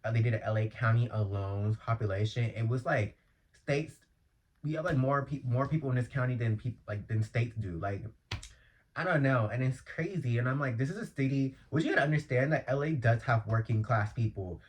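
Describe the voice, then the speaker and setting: A Los Angeles man rambles through his casual solo podcast in a chatty, slang-heavy style, bursting into loud, exasperated rants whenever something annoys him. He talks into an earphone mic in a brisk, mid-range voice.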